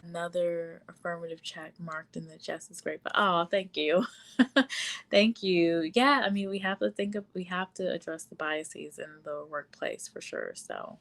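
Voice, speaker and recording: A woman's voice: lowish voice, very animated, a little slow, a bit bright. Chatty woman hosting a live stream. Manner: chatty, reads viewer comments aloud; frequent fillers, laughs often. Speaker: livestream host. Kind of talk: casual live-stream talk.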